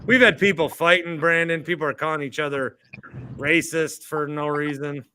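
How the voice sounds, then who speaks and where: Male show host, higher bright voice, joking and teasing tone. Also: fairly even intonation, normal speed, a little hiss or hum. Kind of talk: casual call-in chat.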